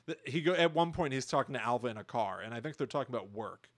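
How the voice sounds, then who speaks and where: A man's voice: medium pitch, lively intonation, fast talker, no echo. A man co-hosting a podcast, chatting casually and rambling through his points with many restarts. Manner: rambling, restarts and mimics voices. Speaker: podcast co-host. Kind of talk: casual chat.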